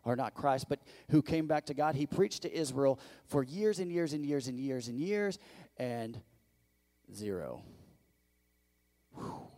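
Man preaching a lively conversational sermon. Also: unhurried, long pauses. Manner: conversational preaching with rhetorical questions and acted-out quotes; swings between loud bursts and quiet, low asides. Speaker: pastor.

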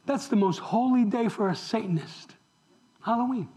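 A man's voice: high-pitched, normal speed, rough recording. A man preaching a sermon, talking straight to the congregation and asking them questions. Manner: animated, asks the congregation questions. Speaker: pastor.

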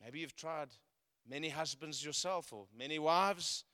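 Male guest preacher, storytelling sermon, high and ringing tone, climbs to loud peaks. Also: unhurried, clean tone, no echo. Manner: storytelling, building to loud emphatic peaks then dropping quiet.

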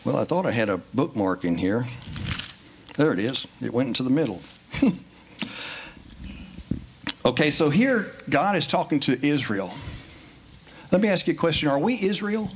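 Folksy preacher man, slightly high. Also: lively intonation, normal speed, pauses often. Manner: folksy, conversational, rising to emphatic peaks. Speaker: lay preacher. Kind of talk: sermon. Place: church sanctuary. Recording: faint background noise.

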